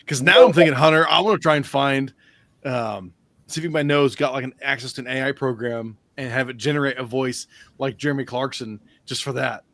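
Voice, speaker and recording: A man's voice: mid-range voice, a little fast, fairly bright tone, dry recording. A man co-hosting a podcast, chatting casually with a lot of swearing and laughter. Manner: laughs often, mock voices when quoting. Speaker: podcast co-host. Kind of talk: casual profane banter.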